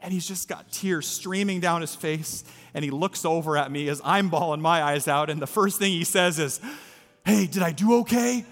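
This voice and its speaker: A man's voice: on the high side, normal speed, few pauses, a bit bright. Earnest male pastor preaching in a hall. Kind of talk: sermon. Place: church sanctuary. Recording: reverberant hall with faint music.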